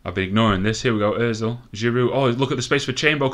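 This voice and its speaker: A young man commentating a football game excitedly, nervous and swearing, with laughing bursts. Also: medium pitch, quick pace, few pauses. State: out of breath. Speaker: gaming commentator.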